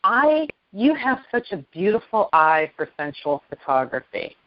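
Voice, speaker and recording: A woman's voice: medium pitch, sing-song, unhurried, dry recording, dull audio. Eager woman podcast host. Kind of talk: casual interview.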